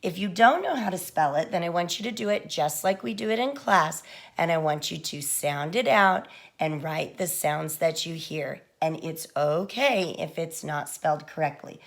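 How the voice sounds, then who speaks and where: A woman teaching a writing lesson to young children, talking slowly and patiently, with clear words. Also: low-pitched, expressive.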